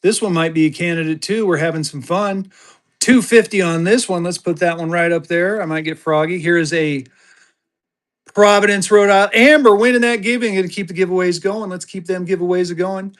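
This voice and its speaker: A man from Colorado hosting a live selling stream, talking fast in an upbeat sales patter. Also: high-pitched, steady tone. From Colorado, USA. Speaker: live-stream currency seller.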